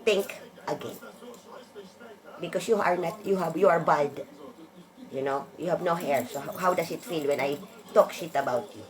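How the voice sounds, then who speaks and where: A woman's voice: deep voice, brisk. A woman in a casual monologue, blunt and emphatic, swearing freely as she rants. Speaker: vlogger.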